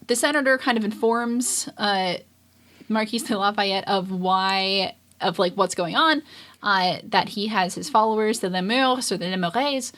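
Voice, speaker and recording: A woman's voice: medium pitch, a little slow, a bit bright. A young woman co-hosting a podcast, recapping an anime episode in a rambling, casual way with lots of fillers and restarts. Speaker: podcast co-host. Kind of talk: casual anime reaction chat.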